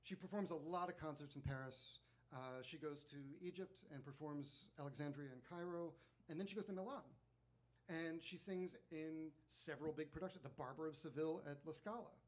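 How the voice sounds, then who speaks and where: Male speaker at a listening event, slightly high voice, casual and animated. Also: brisk. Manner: chatty, animated, frequent fillers. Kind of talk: storytelling talk to a live audience.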